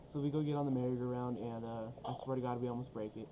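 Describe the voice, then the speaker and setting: A man's voice: mid-range voice, rapid-fire, lo-fi sound. Young man, casual profane vlog storyteller, noisy recording. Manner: profane, rambling, animated storytelling. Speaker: co-host telling a story.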